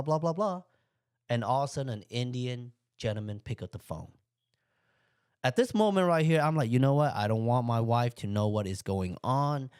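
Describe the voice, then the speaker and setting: Podcast host, male, mid-pitched, lively casual storyteller, dry close mic. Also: smooth, dry recording. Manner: animated, voices his own thoughts with big pitch jumps; plain, conversational English with loose grammar. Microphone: podcast microphone.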